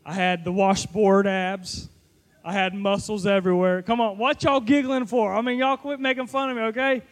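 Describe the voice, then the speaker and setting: High-voiced man preaching a playful sermon. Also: level tone, normal speed. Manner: playful, self-mocking storytelling to a live audience. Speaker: youth pastor. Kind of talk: sermon with personal story.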